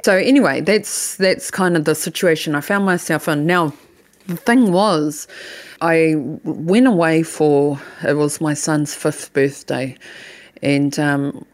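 A woman's voice: deep voice, takes it slowly, no room sound. A woman in her thirties with a New Zealand accent, hosting a podcast and telling a personal story in a blunt, candid way, swearing freely. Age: 30s. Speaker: podcast host.

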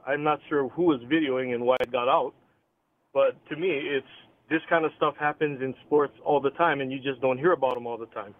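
A man's voice: mid-range voice, a little fast. A man calling in to a sports radio show, talking with many hesitant fillers. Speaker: caller. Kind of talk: call-in radio talk. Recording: tinny phone line.

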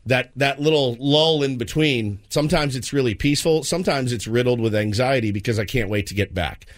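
A man's voice: mid-range voice, a little fast, no room sound. Earnest forties man, dry studio sound. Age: 40s. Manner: earnest and emotional, rambling with restarts. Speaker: radio sports show host. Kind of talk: heartfelt on-air talk. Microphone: studio microphone.

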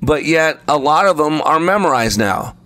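A man's voice: fairly high pitch, animated, normal speed, a bit bright, dry recording. Man, preacher, sermon, emphatic, repetitive phrasing, dry recording. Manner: emphatic, repeats phrases for effect; acts out the story voices while telling it.

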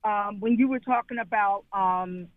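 A man with a high voice talks sports casually and laughs through his story. His mic sounds dry and slightly muffled. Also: unhurried, no echo. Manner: laughs while telling a story.

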